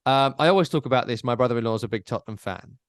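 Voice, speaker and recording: A man co-hosting a casual football podcast, animated and jokey, often mimicking commentators. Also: medium pitch, racing, no room sound, clean studio sound. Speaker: podcast co-host.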